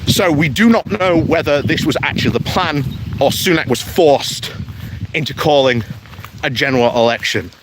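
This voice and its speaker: A man's voice: on the high side, moderate pace, background noise. A man giving casual political commentary on a live stream while out on a morning walk. He talks in a chatty way, chuckles often and reads out viewer comments. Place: outdoors in the countryside on a walk.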